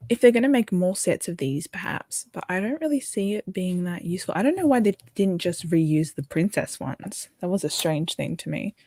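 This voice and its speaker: It's early morning, and a tired young Australian woman is livestreaming as she builds, talking loosely and answering what viewers write in. Her voice sits mid-range with a dark tone and no echo.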